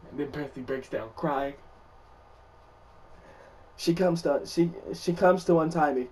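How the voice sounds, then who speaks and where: A young man casually telling a dream story for a vlog, animated and loud, jumping to shouts when he quotes himself. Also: fairly high pitch, measured pace, pauses often, distant mic, slight background noise.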